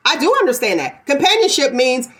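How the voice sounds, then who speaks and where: A woman's voice: high-pitched, big pitch swings, a little fast, a bit bright. Emphatic woman host holding the floor. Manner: emphatic, repeats herself to hold the floor. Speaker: podcast host. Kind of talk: casual debate talk.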